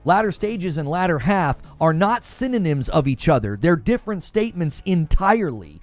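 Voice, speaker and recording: A man's voice: on the high side, very animated, normal speed, soft background music. Guy ranting on his gaming stream, keeps repeating himself, voice jumps around a lot. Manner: emphatic, repetitive, stumbles over words; reads chat questions aloud. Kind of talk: live-stream commentary.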